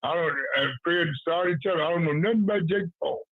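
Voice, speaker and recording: A man with a fairly high, husky voice comes through a tinny, dry phone line. He talks bluntly and keeps repeating his point in casual street slang. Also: fast, no echo. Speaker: guest on a boxing talk show.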